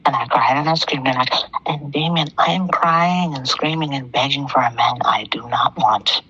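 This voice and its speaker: A woman's voice: extremely low pitch, moderate pace, a bit bright, dull audio. A middle-aged woman calling in to a talk show, telling a personal story in an emphatic way and repeating phrases for effect. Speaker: caller.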